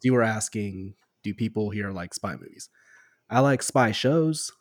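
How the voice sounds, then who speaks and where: A man on a podcast panel in casual chat, speaking in a measured and slightly hesitant way. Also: fairly low pitch, animated, dry recording, studio quality.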